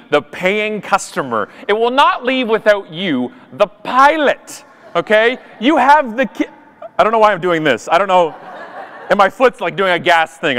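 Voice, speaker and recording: Animated Canadian man on stage. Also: sits high. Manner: animated, self-mocking, mimics people in the story. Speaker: conference speaker. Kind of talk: comedic keynote storytelling. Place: conference stage before a live audience.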